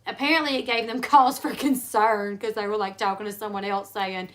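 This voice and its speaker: A woman's voice: mid-range voice, fairly even intonation, a little fast, a bit bright. A woman hosting a casual livestream chat, telling rambling stories with many fillers and restarts. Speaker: livestream host.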